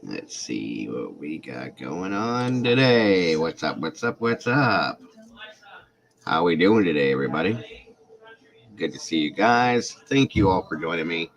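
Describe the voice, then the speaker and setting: A man's voice: sits low, big pitch swings, unhurried, vocal fry, muffled recording. A man hosting a casual livestream, greeting viewers by name in a friendly way, his voice congested from illness. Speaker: true crime YouTube livestream host.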